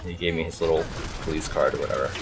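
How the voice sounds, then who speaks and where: A man, a gaming channel host, telling a story in a chatty, animated way, full of "like" and "uh". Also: rumbling low, very fast. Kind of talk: casual storytelling over gameplay. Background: faint background music.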